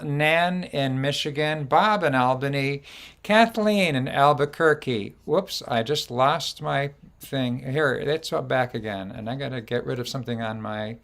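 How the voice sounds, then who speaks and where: A man's voice: medium pitch, fairly bright tone, clear, resonant tone. A man hosting a casual online show, reading out long lists of greetings with fillers and restarts. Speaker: host.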